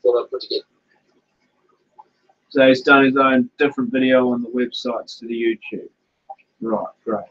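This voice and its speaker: A man's voice: mid-range voice, level tone, moderate pace, pauses often, fairly bright tone. A man hosting a casual live stream from his home fish room, chatting and thinking aloud while he reads comments. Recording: dull lo-fi stream audio.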